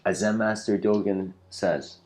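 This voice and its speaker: A man giving a spiritual lecture in a casual, rambling storytelling way, full of "you know" and "like", slowing down to stress key points. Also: on the low side, level tone, a little mellow, slight background noise.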